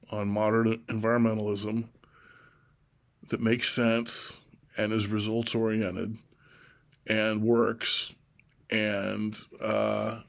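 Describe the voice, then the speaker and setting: A middle-aged man from Oregon giving a slow, deliberate, repetitive solo monologue about his political views. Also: fairly low pitch, gravelly. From Oregon, USA. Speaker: self-styled presidential candidate.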